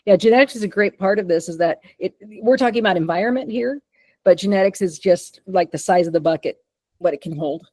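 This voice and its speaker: A woman leads a webinar on dog behavior, talking fast and lively and jumping into loud acted-out remarks. Her voice is mellow and a little dark. The sound is dry and close. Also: mid-range voice, no room sound. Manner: lively, acts out quoted lines with sudden loud bursts. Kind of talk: webinar presentation.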